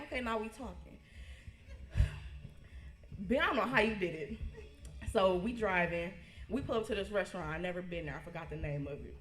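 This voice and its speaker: A woman in her twenties telling a funny family story at a party, lively and acting out the quotes, laughing through her lines. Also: mid-range voice. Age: 20s. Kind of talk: animated storytelling. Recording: echoey room.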